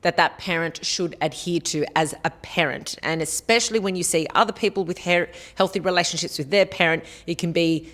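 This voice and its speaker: A woman's voice: on the low side, brisk, few pauses, a bit bright. A woman hosting a podcast, giving blunt, casual advice with plenty of swearing and sarcasm. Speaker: podcast host answering listener questions.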